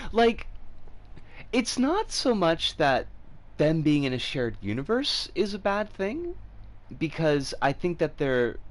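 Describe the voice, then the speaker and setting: A man streaming a game and chatting casually with his viewers, rambling with frequent fillers. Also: fairly high pitch.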